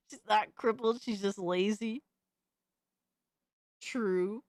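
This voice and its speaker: A young woman streamer giving excitable, profane live reaction commentary, full of hype shouts and swearing. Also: medium pitch, extremely slow, long pauses, no echo, studio quality. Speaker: streamer host.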